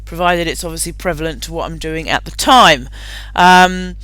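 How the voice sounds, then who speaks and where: A woman's voice: lowish voice, fairly bright tone, smooth, no echo. A woman hosting a live online webinar. She talks in an upbeat, chatty way, laughs often and uses plenty of fillers. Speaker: webinar host.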